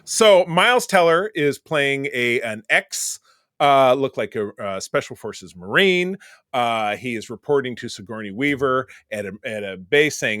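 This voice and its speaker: A man co-hosting a podcast in casual chat, rambling and animated, with lots of fillers and restarts. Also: mid-range voice, moderate pace, dry recording, studio quality. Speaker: podcast co-host.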